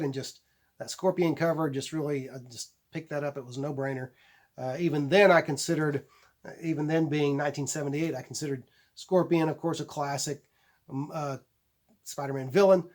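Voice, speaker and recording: Rambling middle-aged man showing off comics. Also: on the high side. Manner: rambling, halting, with many fillers and restarts. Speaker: comic collector and channel host. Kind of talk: casual show-and-tell of purchases.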